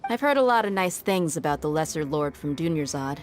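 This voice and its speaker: An actress playing a confident, laid-back desert mercenary in a video game. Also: female voice, low-pitched, animated, brisk. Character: tough, easygoing desert mercenary woman. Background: game music.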